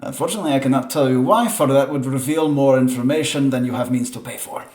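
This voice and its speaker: A man's voice: medium pitch, quick pace, darkish tone, natural voice. A man voicing a stiff, wry male alien who speaks for a mercenary company, formal and clipped with dry chuckles, in a tabletop game. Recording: roomy echo.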